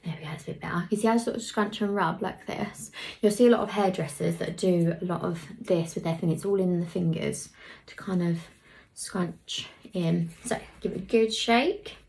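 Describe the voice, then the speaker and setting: Young woman, hair tutorial, chatty, half-murmured asides, slightly gravelly voice. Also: fairly low pitch, normal speed, darkish tone. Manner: chatty, talks while working, drops into murmurs. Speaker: hairstylist vlogger.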